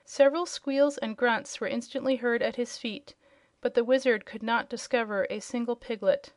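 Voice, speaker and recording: A woman narrating a children's audiobook chapter in a clear, steady storytelling voice. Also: a little high, moderate pace, no echo, clean studio sound.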